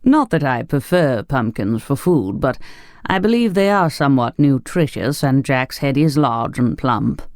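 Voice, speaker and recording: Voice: medium pitch, animated, a little slow, no echo. A self-important male insect scholar holds forth grandly, as an audiobook narrator voices him. The recording is dry and close. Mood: pompous. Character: pompous educated giant insect, male.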